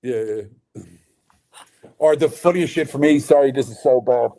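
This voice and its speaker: A man's voice: mid-range voice, moderate pace, mellow. Joking Irish man, swearing freely. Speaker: guest, former reality-show contestant. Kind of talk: casual storytelling chat.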